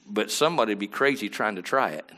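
A man preaching a sermon as pastor, dropping to quiet asides and then rising to loud emphatic lines, often asking the congregation to agree. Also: animated, fast. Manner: swings from low murmurs to loud emphatic bursts.

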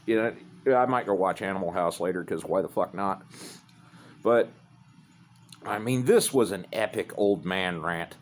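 A man's voice: low-pitched, a little slow, long pauses. A man telling a rambling, profane story in a laid-back, casual way.

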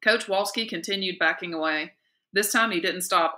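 A woman teacher reading a novel aloud in a steady, lively and expressive way. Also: fairly low pitch, normal speed. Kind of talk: read-aloud narration of a novel.

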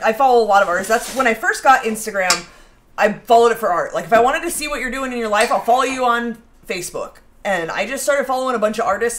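Woman, baking stream host, casual chat, reads viewer comments, lively pitch. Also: a little hiss or hum. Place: home kitchen.

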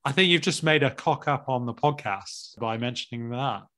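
A man's voice: mid-range voice, moderate pace, bright, forceful tone. A British man hosting a podcast, chatting in an easygoing way and often ending with tag questions. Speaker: podcast host. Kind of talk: casual chat.

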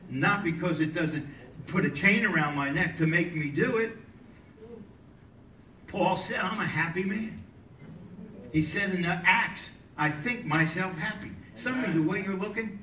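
A male pastor preaching a sermon in a church, lively and joking with the congregation between points. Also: sits high, slight background noise. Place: church sanctuary. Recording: echoey hall, mic at a distance, faint ambience.

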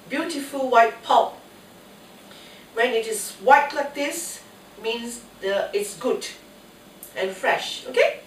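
A chatty woman with a cold shows fruit in her home kitchen, talking half to herself in a high voice at a slow, unhurried pace. She is picked up from across the room, with the kitchen's echo and a faint hiss around her. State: has a cold. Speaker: home cooking host. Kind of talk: casual kitchen demonstration. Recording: echoey kitchen, mic at a distance, faint noise.

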